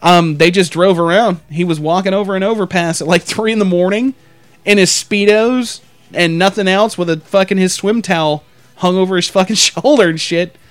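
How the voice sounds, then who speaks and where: Brief: young male podcast co-host, high voice, profane and joking, bursts into loud shouted bits; dry close sound. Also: moderate pace, dry recording. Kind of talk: crude casual banter.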